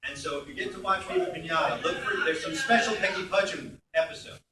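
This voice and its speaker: A middle-aged man from Brooklyn, New York, a voice actor talking at a convention panel Q&A in a chatty, animated way, recorded on a phone in the audience. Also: sits high, fast, recorded from a distance, noisy background. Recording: echoey hall, phone mic from afar.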